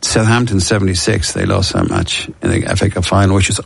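A man's voice: low voice, huge pitch swings, a little fast, creaky, husky, no room sound. A middle-aged Irish man telling long rambling stories in casual chat, with lots of restarts and chuckles. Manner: rambling storyteller, many restarts and laughs.

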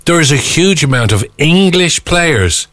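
A man with an Irish accent hosting a radio phone-in, chatty and quick to agree and tease callers. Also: a little high, big pitch swings, a bit bright, dry recording. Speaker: radio show host. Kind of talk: casual radio phone-in chat.

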